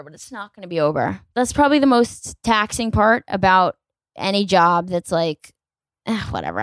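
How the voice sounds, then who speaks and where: A young adult woman with a lowish voice hosts her own comedy podcast, recorded in studio quality with no room sound. She tells rambling, snarky stories full of profanity, acting out the people in them as she quotes them.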